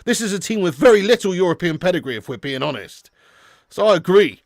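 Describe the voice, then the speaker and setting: A man hosting a live football watch-along, slightly higher-pitched than most men. He chats loosely with his viewers and swears freely, flaring into loud, excitable bursts at the action. The sound is dry and close, with almost no room. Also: fast, dry recording. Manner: reads out viewer comments casually.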